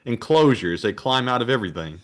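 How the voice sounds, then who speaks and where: A man co-hosting a livestream reads viewer messages aloud in an even, ordinary voice. He is relaxed, sometimes tripping over a word before he carries on. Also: mid-range voice, a little fast. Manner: plain, reads out messages, stumbles over words. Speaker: co-host reading viewer messages. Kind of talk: casual livestream chat.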